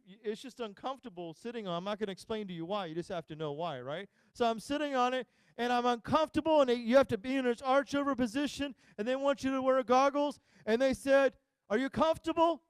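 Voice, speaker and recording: A pastor preaches with a strikingly high, smooth voice, recorded close and dry. He tells a family story with lively energy and acts out each person's lines. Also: dry recording. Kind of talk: sermon. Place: church sanctuary.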